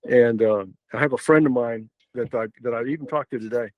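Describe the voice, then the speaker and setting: A man's voice: mid-range voice, a little fast, no room sound, phone-quality sound. An older man, a podcast guest telling a story in a loose, rambling way with many fillers and restarts. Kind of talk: casual storytelling.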